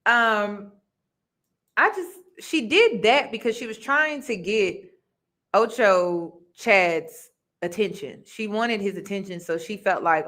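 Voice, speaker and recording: A woman's voice: mid-range voice, lively intonation, takes it slowly, a bit bright. A woman hosting a casual review vlog, talking chattily and emphatically to her viewers and repeating her points. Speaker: reaction video host. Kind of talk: casual commentary on a reality show.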